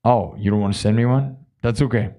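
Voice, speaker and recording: A man's voice: on the low side, brisk, mellow. A man hosting a live music stream, chatting casually with viewers, laughing often and acting out quotes.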